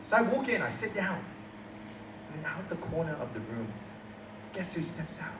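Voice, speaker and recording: Performing stand-up in a small coffee shop, a young Australian man tells a story and engages the crowd. He sounds very animated, with a slightly high voice, a moderate pace, and frequent pauses. Room ambience and laughter fill the distant, roomy indoor recording.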